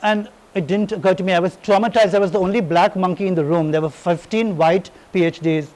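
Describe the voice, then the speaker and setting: Brief: man, high-pitched, delivers a lively, irreverent public lecture full of tangents. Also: fast talker, rough recording. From India. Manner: animated, irreverent, digressive storytelling.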